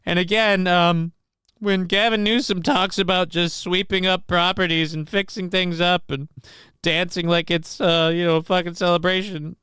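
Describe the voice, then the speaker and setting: A man's voice: sits high, moderate pace, sharp tone, clear, resonant tone, no room sound. A man hosting a podcast, ranting angrily and sarcastically with profanity about politics from a home studio. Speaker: podcast host. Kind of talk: heated political rant.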